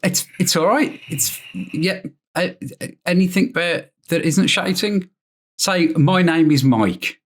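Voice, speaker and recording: A man's voice: a little high, lively intonation. A man co-hosting a casual podcast, teasing the others in an easygoing way. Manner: teasing, easygoing, quick to laugh. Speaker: podcast co-host. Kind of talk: casual chat.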